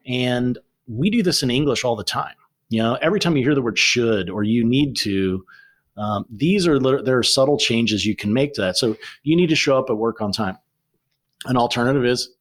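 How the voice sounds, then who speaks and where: A man talking as a guest author, telling stories in a lively, animated way with frequent restarts. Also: medium pitch. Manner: animated storyteller, many restarts. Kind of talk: conversational interview.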